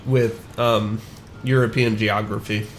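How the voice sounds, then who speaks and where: A man's voice: on the low side, level tone, slow pace, faint music behind. A young man from the northern United States chatting casually with viewers while streaming a game, rambling and laughing at himself as he answers chat.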